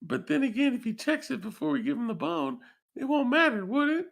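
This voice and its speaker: High-pitched gravelly slow-talking man. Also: expressive. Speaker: player. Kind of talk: casual tabletop play.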